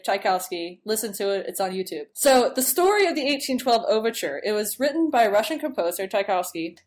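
A woman co-hosts a podcast and recaps an episode in casual chat. She is enthusiastic and chatty and laughs often. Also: fairly high pitch. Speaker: podcast co-host.

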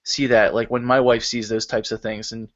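A man's voice: fairly low pitch, little pitch movement, normal speed. Man, thirties, podcast host, laid-back, encouraging, lo-fi sound. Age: 30s. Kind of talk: casual chat.

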